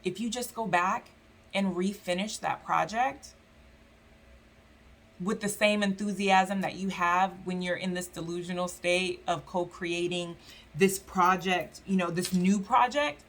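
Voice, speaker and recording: A woman with a lowish, steady, fairly bright voice gives viewers a casual tarot reading, chatting loosely and using lots of fillers. She frequently drops into quick acted-out voices for the people and spirits she talks about.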